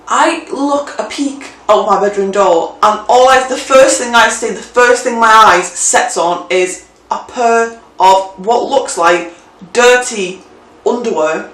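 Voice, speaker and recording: A young woman telling a story in a casual vlog, animated and chatty, swearing freely. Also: mid-range voice, recorded from a distance. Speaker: vlogger. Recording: roomy, mic set back.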